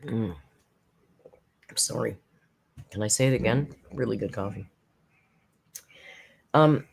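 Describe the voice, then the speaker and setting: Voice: mid-range voice, slow pace, gravelly, pauses often, slightly rough. A commentary channel host recapping a livestream in a chatty, sarcastic tone, with mocking asides.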